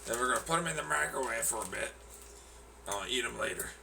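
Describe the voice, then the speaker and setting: A man's voice: medium pitch, fast talker, vocal fry, noisy background. A man chatting casually and rambling while cooking in a kitchen, swearing freely and joking. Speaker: streamer. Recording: distant mic with sizzling frying.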